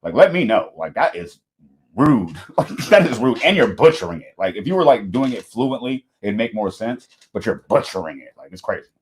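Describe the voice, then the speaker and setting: A man hosting a reaction video, talking in casual, animated, slangy commentary with frequent laughs and swearing. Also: on the low side, normal speed, breathy edge.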